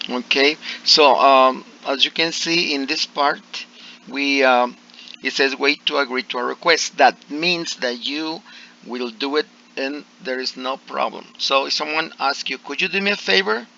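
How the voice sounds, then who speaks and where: A man's voice: medium pitch, fairly even intonation, unhurried, gravelly, pushed and bright. A male English teacher explaining pronunciation to a class, hesitant and full of fillers and restarts, on slightly dull audio.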